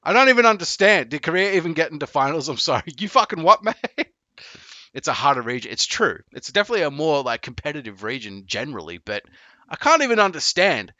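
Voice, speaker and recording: A man's voice: on the high side, big pitch swings, quick pace, bright, forceful tone, no room sound. Man, casual stream commentary, profane and joking, dry close sound. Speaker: streamer and game coach.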